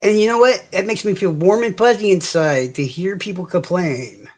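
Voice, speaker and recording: A man's voice: high-pitched, normal speed. A man hosting a casual livestream, ranting in heavy profanity and answering viewers' comments directly. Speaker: livestream host.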